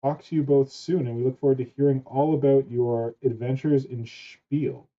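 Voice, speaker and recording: A man's voice: medium pitch, steady tone, moderate pace, dark tone. A man hosting a casual online chat, rambling and swearing casually. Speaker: host. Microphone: wrong mic. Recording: dull lo-fi mic.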